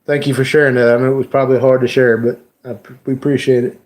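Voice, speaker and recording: A man chats with his live-stream audience at an ordinary middle pitch. He talks haltingly and emotionally, often trailing off into "you know" and "uh". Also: level tone, darkish tone. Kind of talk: casual live-stream chat.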